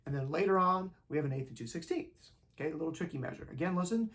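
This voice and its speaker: A man's voice: a little high, animated, fast, fairly bright tone. A male music teacher, recording on his phone, walks students through rhythms by chanting the counting syllables aloud, casual and encouraging. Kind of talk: online band lesson. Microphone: phone recording himself.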